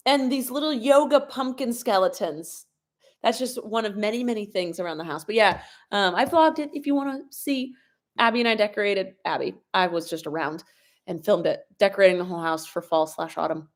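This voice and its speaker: Young woman vlogger, casual live-stream chat, slightly sick with sniffles, quick to laugh. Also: medium pitch. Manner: chatty, laughs often, answers viewer questions. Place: home, at a laptop in the kitchen. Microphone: laptop or phone camera propped up.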